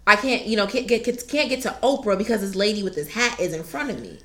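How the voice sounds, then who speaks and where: A woman podcast co-host telling a story in casual chat, animated and laughing as she acts out what people said. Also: mid-range voice, quick pace.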